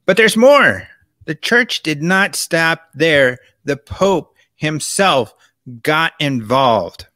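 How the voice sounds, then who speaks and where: Male host, chatty monologue with read-out quotes; bright, forceful voice, dry close sound. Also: medium pitch, no echo. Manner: chatty, gestures with his hands while talking. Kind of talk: casual monologue reading out quotes.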